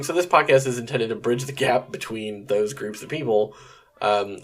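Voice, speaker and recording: A man's voice: fairly low pitch, a little mellow. Man rambling through a casual podcast. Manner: conversational, rambling, frequent fillers and mild swearing. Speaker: podcast host. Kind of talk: casual solo podcast monologue.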